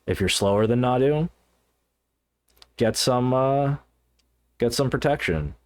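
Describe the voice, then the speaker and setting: A man co-hosting a podcast, talking casually and haltingly, with many fillers and restarts. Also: mid-range voice, animated, clean tone. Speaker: podcast co-host. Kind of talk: casual podcast chat about card games.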